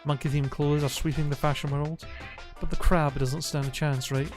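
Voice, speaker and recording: A man's voice: fairly high pitch, little pitch movement, normal speed, lightly acted. A man voicing a smug, scheming male bear mascot in a rambling, mocking complaint, with game music behind.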